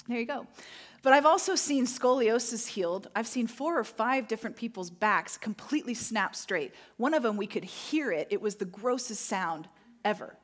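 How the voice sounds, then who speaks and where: A woman preaching a sermon, telling stories vividly and slowing down to stress key points. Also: fairly high pitch. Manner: animated storytelling, acting out moments; slow emphatic phrasing on key points. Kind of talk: sermon with personal storytelling.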